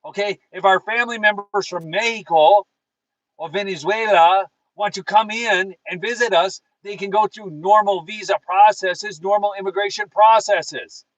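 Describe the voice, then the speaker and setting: A man's voice: sits high, normal speed, a bit bright, dry recording, lo-fi sound. A man hosting a live political show from his car, fired up and preachy, talking straight to his viewers and reading their chat. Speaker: political talk show host.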